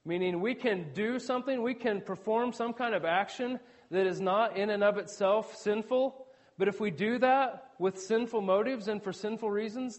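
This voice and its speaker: A man with a high voice preaches a sermon, teaching in an earnest, conversational way and making asides to the congregation.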